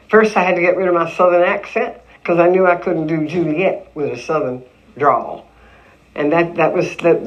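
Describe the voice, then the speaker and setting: An older woman in an interview, telling stories of her early acting career in a lively way, acting out what people said to her. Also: low voice, muffled recording. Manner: lively storytelling with acted-out quotes and laughs. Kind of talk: reminiscing interview.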